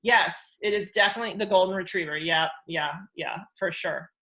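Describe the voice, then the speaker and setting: A woman hosts a live workshop, speaking casually and warmly to her listeners in a bright, clear voice. She is chatty and animated, and she slips into high, mocking voices when she imitates other people. She sounds middle-aged. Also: a little fast, rough recording. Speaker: workshop host and counselor.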